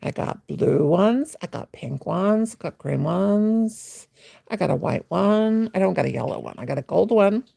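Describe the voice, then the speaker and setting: A woman hosts a casual late-night livestream from her home, rambling along in an unhurried way. Her voice is gravelly and slightly husky, and it swoops up and down a lot as she teases and greets her viewers by name. The sound is close and dry. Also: mid-range voice, expressive, dark tone, dry recording. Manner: teasing, playful, mimics a gushing voice. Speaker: livestream host.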